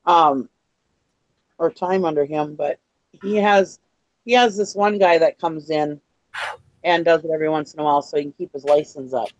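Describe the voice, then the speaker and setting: Man reseller on a video call, high-pitched and rambling; muffled, dry audio. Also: steady tone, moderate pace, pauses often, dry recording. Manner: rambling, restarts mid-thought. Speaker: reseller on a live show. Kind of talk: casual chat.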